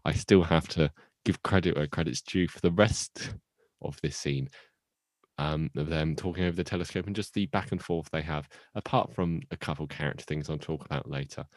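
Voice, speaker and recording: A man's voice: a bass voice, moderate pace, no echo. A man co-hosting a podcast, reviewing a TV episode in casual chat with dry, teasing jokes. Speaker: podcast co-host.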